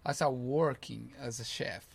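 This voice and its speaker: Gravelly man telling a story animatedly. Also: medium pitch, a little slow. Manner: animated storytelling, acting out voices, broken English. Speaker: podcast guest, ultrarunner. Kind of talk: casual interview chat.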